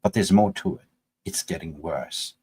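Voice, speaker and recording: A man's voice: low voice, wildly swooping pitch, normal speed, vocal fry, warm tone, husky. A man hosting a football fan channel, reacting with exasperated rhetorical questions. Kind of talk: reaction commentary.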